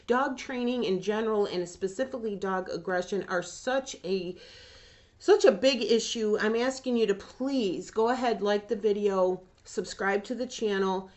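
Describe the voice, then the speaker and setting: A woman's voice: mid-range voice, normal speed, a little mellow. A woman hosting a dog training channel, talking earnestly and emotionally to camera and getting choked up about the dogs. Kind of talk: emotional direct-to-camera talk.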